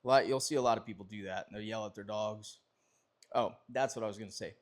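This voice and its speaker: A man's voice: lowish voice, fast talker. A man explaining dog obedience training in a casual, rambling way, often restarting his sentences.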